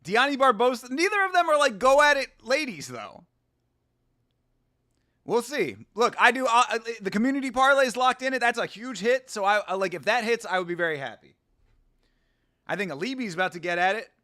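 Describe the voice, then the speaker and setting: A man hosting a casual fight watch-along, excitable and jokey. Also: very high-pitched, a little fast. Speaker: host.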